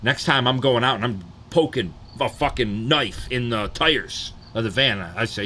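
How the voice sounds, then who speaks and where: A man is ranting on a livestream in a loose, animated, profane way. His voice has a bright, forceful edge, and he keeps circling back to check that his listeners follow. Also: mid-range voice, normal speed, a little hiss or hum. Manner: animated, profane, repeats "you know what I'm saying". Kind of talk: casual livestream rant.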